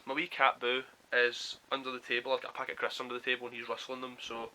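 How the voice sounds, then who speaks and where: A man's voice: mid-range voice, fast talker, poor audio. A young man vlogging from home, telling a story and acting out the quoted lines. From Scotland. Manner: animated storyteller who acts out quoted lines. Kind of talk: storytelling vlog.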